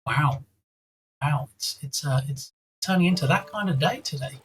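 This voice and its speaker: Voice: medium pitch, moderate pace, a bit bright, slightly rough. A live-stream host chatting casually and playfully, reading out viewer names and thanking them one by one. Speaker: livestream host.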